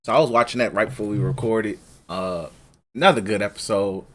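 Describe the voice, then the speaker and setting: A man co-hosting a casual podcast, chatting and joking in a relaxed way. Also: lowish voice, brisk. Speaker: podcast co-host. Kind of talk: casual anime recap chat.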